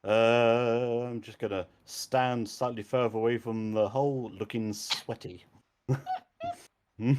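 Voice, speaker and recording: A man's voice: mid-range voice, fairly even intonation, slow pace, a little mellow, clear, resonant tone. Easygoing man playing a tabletop game. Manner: easygoing, chuckling between lines. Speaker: player. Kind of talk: casual tabletop game chat.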